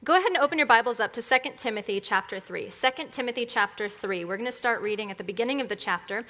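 Woman preaching, earnest storyteller, bright forward voice, long hall reverb. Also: a little high, fast. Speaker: speaker at a church evening. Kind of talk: sermon with storytelling.

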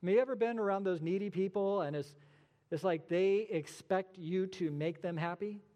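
A male pastor preaching with a somewhat high voice that rings out into a long hall reverb. He presses his points through rhetorical questions and slips in dry, sarcastic asides. It sounds like a church sanctuary. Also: moderate pace, warm tone, lo-fi sound. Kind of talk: sermon.

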